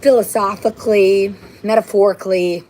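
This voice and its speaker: A woman's voice: mid-range voice, fairly even intonation, normal speed, mellow, poor audio. A woman on a rambling livestream from her home, ranting and swearing in an agitated way. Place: home, indoors.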